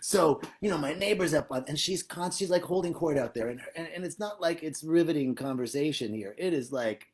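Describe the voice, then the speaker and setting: A man giving a live-streamed spiritual talk, animated and emphatic, often laughing as he speaks. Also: a little high, a little fast, hardly any pauses. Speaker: spiritual teacher.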